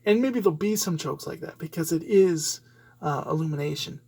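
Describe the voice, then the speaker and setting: A man's voice: a little high, brisk, creaky, mellow, breathy edge. A man hosting a solo podcast, giving rambling, opinionated commentary full of fillers and restarts. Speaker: podcast host.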